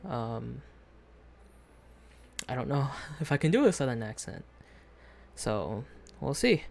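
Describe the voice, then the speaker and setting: A man's voice: medium pitch, sing-song, slow pace, gravelly, darkish tone. Rambling young-sounding man streaming a game. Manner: rambling, hesitant, many fillers and restarts. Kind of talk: casual live-stream chat.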